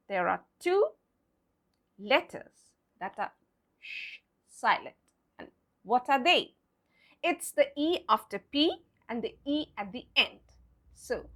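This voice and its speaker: Woman English teacher, adult, bright high voice that swings widely, patient and emphatic pronunciation drills. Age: adult with a son. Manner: spells words out letter by letter and models pronunciations with emphasis. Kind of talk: pronunciation lesson.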